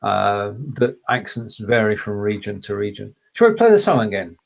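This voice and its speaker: A man's voice: on the low side, lively intonation, vocal fry, a little hiss or hum. Northern English man with a mixed accent. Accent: mixed northern English, Lancashire and Cumbrian. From Lancashire and Cumbria, England. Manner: measured, explanatory, reads out viewer comments. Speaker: co-host, local historian. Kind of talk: casual chat on a live video show. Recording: slightly dull lo-fi sound.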